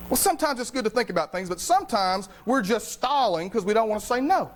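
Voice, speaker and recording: High-voiced pastor preaching. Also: male voice, quick pace, slight background noise. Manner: conversational, animated storytelling with humor. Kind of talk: sermon.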